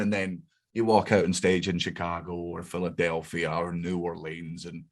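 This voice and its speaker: A Scottish man with a low, deep voice talks as a comedian guest in a loose, lively conversation. He laughs readily and swears without a second thought. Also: normal speed, few pauses. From Scotland. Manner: animated, laughs often, swears freely. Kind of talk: casual chat.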